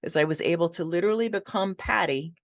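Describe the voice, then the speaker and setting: A woman guest on a podcast, telling animated stories about her writing work and laughing easily. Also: lowish voice, fast, no room sound. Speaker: ghostwriter guest. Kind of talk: casual interview chat.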